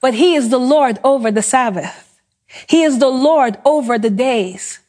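A woman's voice: high-pitched, animated, measured pace, darkish tone. A woman preaching a sermon, earnest and urging, with casual conversational asides.

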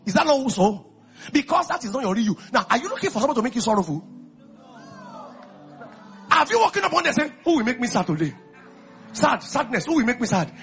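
A Nigerian man from Ekiti preaching an exuberant sermon, calling out to the congregation and often shouting. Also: very high-pitched. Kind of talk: lively sermon.

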